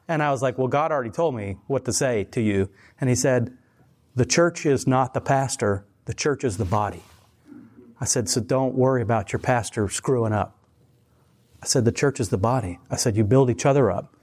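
A man's voice: mid-range voice, normal speed, darkish tone. A man preaching in a casual, conversational sermon style, telling stories with many restarts and laughing at himself. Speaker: pastor.

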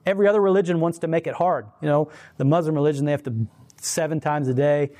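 A man's voice: on the high side, fast talker. A man hosting a casual chat, telling stories in an emphatic, rambling way. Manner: emphatic, rambling, animated storyteller.

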